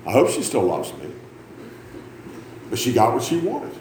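A man in his fifties preaching a loud, self-mocking sermon in a church, breaking into sudden shouts. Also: medium pitch, huge pitch swings, moderate pace, reverberant, background noise. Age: 50s. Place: church sanctuary.

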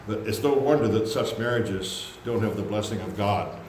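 A man preaching a sermon, animated, acting out quotes in loud high voices. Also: moderate pace. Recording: very echoey room with faint background hum.

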